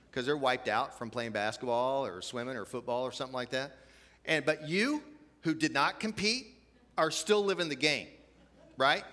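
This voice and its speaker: A man's voice: fairly high pitch, sharp tone, big-room sound. A man preaching a conversational sermon as a pastor, chatty and self-deprecating, with many "you know" asides.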